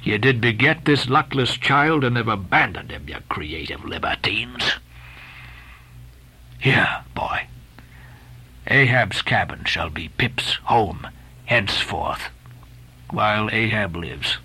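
Brief: man doing a grandiose old whaling captain, commanding and declamatory, lively bright voice. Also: a little high, a little slow, heavily acted. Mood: hushed brooding.

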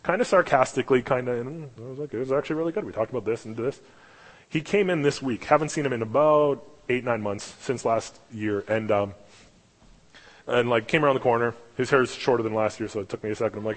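A man's voice: medium pitch, a little fast. A man preaching a casual sermon, rambling through stories with restarts and fillers and acting out the dialogue. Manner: acts out quoted dialogue in his stories. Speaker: lay preacher. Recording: echoey hall, long reverb.

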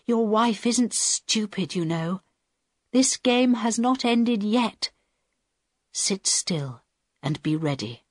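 A woman voicing a calm man who reassures a fellow captive in a hushed half-whisper in a storybook reading. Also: sits high, slow pace, dry recording, studio quality, full character voice.

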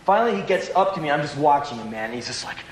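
A male stand-up comedian telling a long, profane, rambling story in an animated way to a live audience. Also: fairly high pitch, quick pace, echoey room, slight background noise, rough recording.

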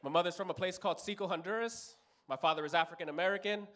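A man's voice: sits high, fast talker, fairly bright tone, slight background noise. Man, stand-up comic, profane, acts out the other people in his stories, slightly raised voice, live stage mic. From Los Angeles. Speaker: stand-up comedian. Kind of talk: stand-up comedy set. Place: comedy club stage.

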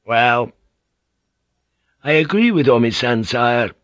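A man's voice: mid-range voice, animated, slow, fairly bright tone, no room sound, muffled recording. A man reading an audiobook, voicing a worried, cautious samurai adviser who argues in a heated, anxious way.

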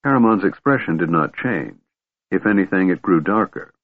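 Low, husky male audiobook narrator. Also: no echo. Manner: measured, steady reading. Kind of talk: scripted narration. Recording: tinny phone-like band, dry.

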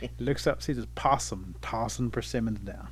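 A man tells a traditional animal folk tale in a relaxed, conversational style, with the occasional filler and pause. His voice sits at an ordinary middle pitch. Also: soft background music. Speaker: storyteller. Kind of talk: oral folk storytelling.

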